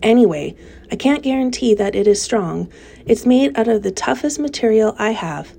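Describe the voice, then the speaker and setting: A woman voicing a wise, tired female spider who speaks softly and slowly in a storybook reading. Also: on the high side, expressive, creaky. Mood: weary. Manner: soft, slow and subdued.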